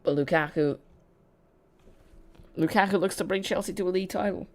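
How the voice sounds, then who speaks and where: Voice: medium pitch, fairly quick. A watch-along host giving casual live football chat, rambling and correcting themself, with dry sarcastic asides.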